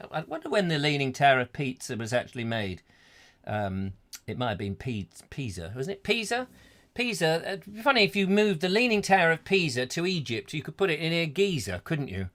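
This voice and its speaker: A man's voice: on the high side, big pitch swings, fairly quick, a bit bright. A middle-aged man hosting a live comedy chat show, rambling through viewers' comments with puns and silly asides. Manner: rambling, punning, bursts into silly voices and song.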